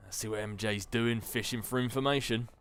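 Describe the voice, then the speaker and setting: A man's voice: on the low side, steady tone, a little fast, a bit bright, faint music behind. A man giving casual, jokey commentary over a video game, musing aloud and laughing often. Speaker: gameplay commentator. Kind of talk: casual Let's Play commentary.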